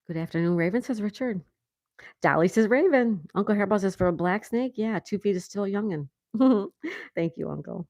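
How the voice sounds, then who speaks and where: An American woman hosts a casual livestream from her home in Florida, reading viewer comments aloud and laughing often. Her medium-pitched voice is animated and a little mellow, at a moderate pace, in clean studio sound with no echo.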